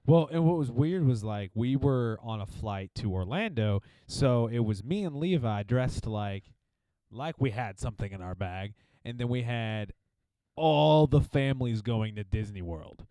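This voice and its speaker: A young man from Missouri co-hosting a comedy podcast, telling travel stories in a casual, animated way with mocking impressions. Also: medium pitch, measured pace, clear, resonant tone, dry recording.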